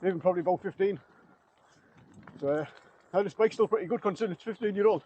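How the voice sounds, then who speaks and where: Breathless fast-talking man outdoors. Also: high voice. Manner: chatty, rambling, plain-spoken. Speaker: vlogger. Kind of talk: casual outdoor vlog. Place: outdoors on a bike ride. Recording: dull lo-fi sound with faint outdoor noise.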